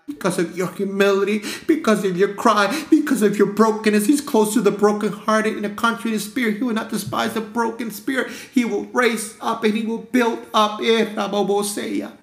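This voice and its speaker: A man's voice: high-pitched, moderate pace, roomy sound. A man preaching a fervent sermon with a repetitive, rhythmic cadence.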